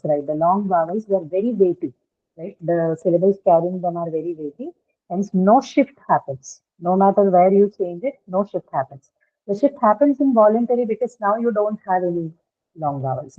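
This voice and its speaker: A woman teaching an English class, explaining patiently and checking in with her students. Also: medium pitch. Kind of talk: classroom lecture on word stress. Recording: phone-like lo-fi classroom audio.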